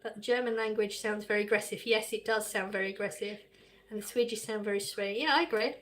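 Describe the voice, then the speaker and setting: A woman's voice: mid-range voice, fairly even intonation, fast talker. A woman chatting casually on a livestream, reading viewers' comments aloud and answering them with frequent laughs.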